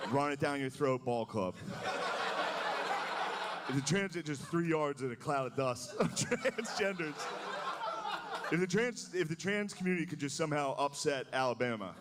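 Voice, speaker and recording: A man's voice: fairly high pitch, very noisy. A man doing a stand-up comedy set on a club stage, talking loosely with lots of "like"s. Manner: loose, conversational delivery with many "like"s.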